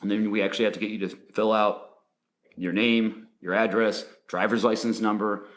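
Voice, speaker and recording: A man, a locksmith guest on a podcast, telling work stories in a relaxed, chatty way. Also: lowish voice, normal speed. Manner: laid-back, laughs while telling stories. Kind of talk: casual podcast storytelling.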